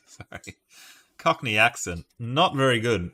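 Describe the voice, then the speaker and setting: A man's voice: lowish voice, animated, slow pace, pauses often, pushed and bright. An Australian man in casual live-stream chat, playfully musing through guesses and laughing often with his viewers. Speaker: streamer solving word puzzles live.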